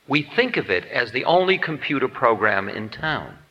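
A man's voice: medium pitch, very animated, moderate pace. Guy giving a spiritual talk, musing and wry, voice bounces up and down a lot, muffled old recording. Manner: musing, wry, self-mocking. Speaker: spiritual teacher. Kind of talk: humorous spiritual lecture. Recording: dull lo-fi tape in reverberant hall.

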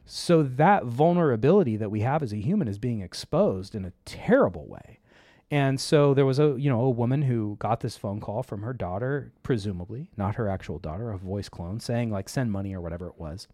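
A man's voice: mid-range voice, fairly quick, dry recording, clean studio sound. A man hosting a casual tech talk show, telling stories and acting out the voices in them. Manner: animated storyteller, acts out quoted voices.

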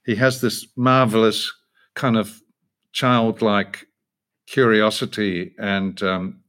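A man's voice: lowish voice, flat delivery, slow pace, fairly bright tone. An older male actor telling rambling, self-deprecating stories as an interview guest, laughing often. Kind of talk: casual interview anecdote.

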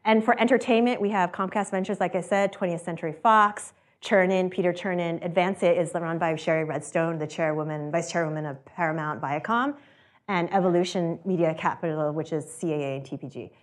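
A chatty woman speaks to an audience about founding her company, with a slightly low voice. She laughs often and acts out the people she quotes. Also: a little fast. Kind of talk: casual talk to an audience.

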